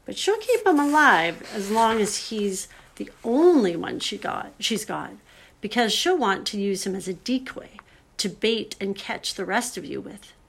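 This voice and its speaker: A woman voicing a motherly, practical female beaver in a storybook, reasoning with lively emphasis. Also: mid-range voice, unhurried, creaky, husky, full character voice. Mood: urgent.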